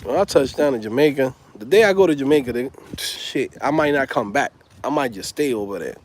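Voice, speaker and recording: A man's voice: medium pitch, lively intonation, fairly quick. A man from New York with a New York accent, chatting casually on a livestream, slangy and laughing often. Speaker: host.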